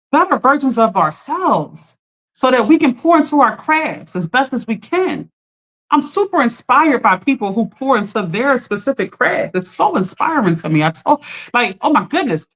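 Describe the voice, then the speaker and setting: A woman life coach with a somewhat high voice talks straight to her live-stream viewers. She is emphatic and encouraging, calling them "y'all" and pressing her point again and again. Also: a bit bright. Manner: earnest and encouraging, greeting viewers by name. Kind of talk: live-streamed motivational talk.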